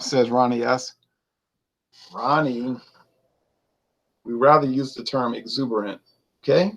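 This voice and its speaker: A man's voice: medium pitch, fairly even intonation, slow pace, vocal fry, long pauses. A man reviewing beer in a casual, chatty way, laughing often and reading out viewer comments to his live audience.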